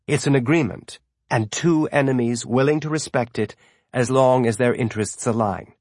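A man's voice: medium pitch, a little mellow, dry recording, studio quality, lightly acted. A man voicing a resolute, pragmatic woman ship captain who speaks firmly and plainly. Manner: firm, measured, plain-spoken.

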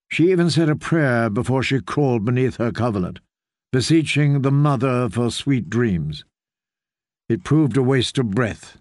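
A man narrating an audiobook in a steady, even storytelling manner. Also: medium pitch, unhurried, dry recording, studio quality. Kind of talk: scripted narration.

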